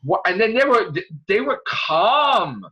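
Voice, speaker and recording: A man hosting a casual podcast chat, animated and acting out scenes with loud outbursts. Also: sits high, slow, highs cut off, a crowd in the background. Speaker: podcast host.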